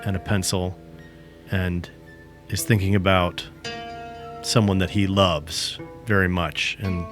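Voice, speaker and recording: A man playing in a tabletop game, chatting casually and describing his character's actions in a loose, rambling way. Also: deep voice. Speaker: player.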